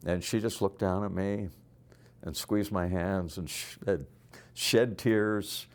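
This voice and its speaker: Older man with a very low voice. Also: fairly even intonation. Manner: earnest, halting testimony with restarts. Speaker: guest, business leader. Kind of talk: personal storytelling.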